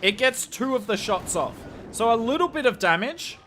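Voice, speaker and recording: Bright, excitable Australian male streamer. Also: very high voice, normal speed, soft background music. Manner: excitable play-by-play, chatty asides to chat. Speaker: live-stream game commentator. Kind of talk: live game commentary.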